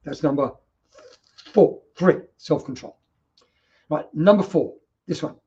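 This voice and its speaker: Blunt middle-aged Australian man, mellow and a touch high, casual podcast monologue, lo-fi. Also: animated, slow, slightly rough. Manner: blunt, passionate, swears freely. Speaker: podcast host.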